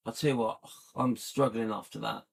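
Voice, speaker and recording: A man's voice: fairly low pitch, fairly even intonation, normal speed, gravelly, breathy edge. A man hosting a commentary channel, reacting indignantly and firing repeated rhetorical questions.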